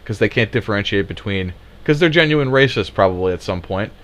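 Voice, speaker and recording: A man's voice: lowish voice, lively intonation, fairly quick, fairly bright tone. Sarcastic ranting man. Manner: sarcastic, mocking, swears freely. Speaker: commentator. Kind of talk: ranting political commentary.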